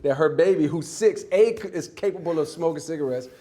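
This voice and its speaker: A man's voice: a little high, brisk, mellow. A man as an interview guest, telling a story in a loose, rambling way with many restarts and fillers. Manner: acts out others' voices while telling a story. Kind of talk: casual storytelling.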